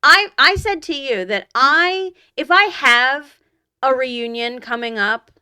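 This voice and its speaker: A woman around forty, co-hosting a podcast in casual chat, blunt and emphatic and quick to swear. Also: high-pitched, expressive, sharp tone, smooth, dry recording, studio quality. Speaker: podcast co-host.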